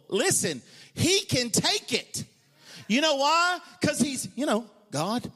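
A man preaches to his congregation in a strikingly high voice that swoops up and down with lively energy. He slips into joking, casual asides, then builds to shouted, half-sung lines. The sound rings with the long reverb of a big sanctuary. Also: slow. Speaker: pastor. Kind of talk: sermon. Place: church sanctuary.

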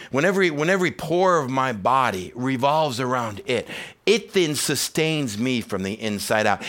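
A male pastor with a voice on the high side preaches an animated sermon. He swings between loud, emphatic peaks and quiet, reflective stretches, acting out quoted voices in a casual, conversational way.

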